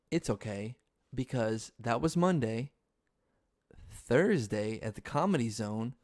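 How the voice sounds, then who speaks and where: Excitable young man telling a story. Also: medium pitch. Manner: excitable, profane, frantic. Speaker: podcast host. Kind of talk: casual storytelling chat.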